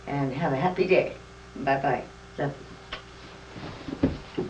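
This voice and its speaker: A woman's voice: a bass voice, takes it slowly, pauses often, darkish tone, a little hiss or hum. A middle-aged woman, a mother, sending her family a tender home video message. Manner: tender, a little emotional. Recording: roomy distant dull home tape.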